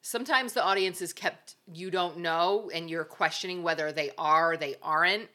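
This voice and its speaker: A woman's voice: lowish voice, moderate pace, bright, forceful tone. A woman co-hosting a podcast, talking emphatically in casual chat with many fillers. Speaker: podcast co-host.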